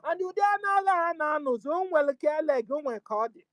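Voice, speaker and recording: A woman's voice: high-pitched, expressive, quick pace. A woman with a Nigerian accent hosting her own channel, pleading in impassioned commentary full of rhetorical questions and lines in Igbo. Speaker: channel host.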